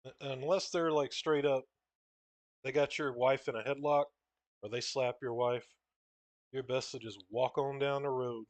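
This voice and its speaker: A man's voice: medium pitch, steady tone, a little slow, no room sound. Profane rambling guy, dry sound. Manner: rambling, profane, says "bro" and "dude" a lot. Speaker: comic artist drawing on stream. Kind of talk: casual storytelling while drawing.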